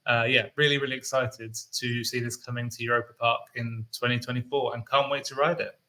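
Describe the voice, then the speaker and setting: A man from the UK co-hosts an enthusiast show in a relaxed, chatty way. He thinks aloud with plenty of fillers, in a bright, forward voice at a middling pitch. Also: a little fast. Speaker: co-host. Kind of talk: casual chat.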